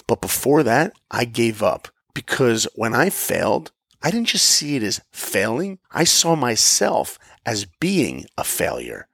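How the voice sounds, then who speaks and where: A man's voice: mid-range voice, no echo, clean studio sound. A man giving a motivational talk, telling a personal story and acting out the dialogue. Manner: animated, acts out dialogue. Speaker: motivational podcast speaker.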